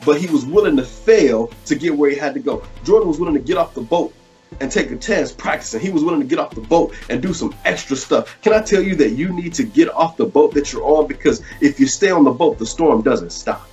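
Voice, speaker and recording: A man's voice: on the high side, lively intonation, fairly quick, a little mellow, breathy edge, muffled recording, faint music behind. A man hosting a live online show who delivers a short sermon, speaking casually with fillers and building into preacherly rhetorical questions. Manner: preacherly, repetitive rhetorical questions, rising intensity; casual, many fillers and restarts. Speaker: host.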